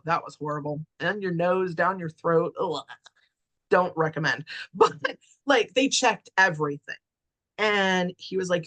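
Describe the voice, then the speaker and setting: A middle-aged woman, a podcast guest, telling a personal story in a chatty way, with lots of "right?" and "like". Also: mid-range voice. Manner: chatty, many fillers like "right?" and "like". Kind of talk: casual storytelling.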